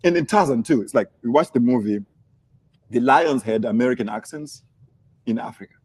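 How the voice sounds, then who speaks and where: A man's voice: medium pitch, expressive, fairly quick, a little mellow. A man in podcast banter, laying out his points emphatically and laughing between them.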